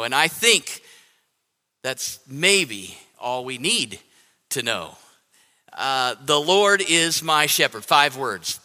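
A man preaching a sermon as pastor, repeating phrases with halting restarts and emphatic lists. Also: mid-range voice, sing-song, sharp tone, big-room sound.

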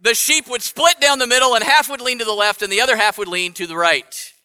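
A man's voice: very high-pitched, fairly quick, sharp tone, clear, resonant tone. A pastor telling a story to his congregation in a playful way, with laughing asides, in an echoey church hall. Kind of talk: storytelling sermon. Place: church sanctuary.

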